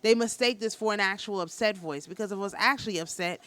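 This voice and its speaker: A woman giving a casual spiritual talk as a teacher, speaking in a calm, nonchalant, matter-of-fact way with a passionate undertone and frequent restarts. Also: mid-range voice, fast talker. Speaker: spiritual teacher and tarot reader.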